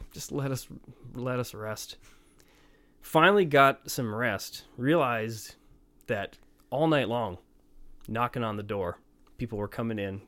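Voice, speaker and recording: A middle-aged man, a touring band musician, telling road anecdotes in casual chat and acting out the people in them. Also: fairly low pitch. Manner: animated anecdote teller, acts out quoted voices.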